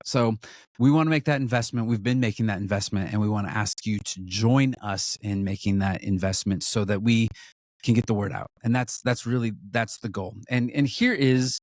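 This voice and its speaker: A man's voice: lowish voice, darkish tone, dry recording. A man co-leading a ministry, talking earnestly in a casual fundraising chat, full of restarts and fillers. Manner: earnest, halting with many restarts. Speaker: ministry co-leader.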